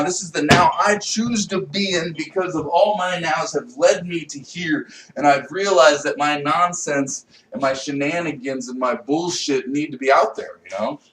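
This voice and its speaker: Comic guy rambling and cussing, yells a lot, sounds off-mic with a bit of hiss. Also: fairly high pitch. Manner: swings into loud shouted outbursts; profane, rambling, self-mocking. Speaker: comedian. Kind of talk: rambling comedic rant. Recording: echoey room, voice a bit far from mic, faint noise.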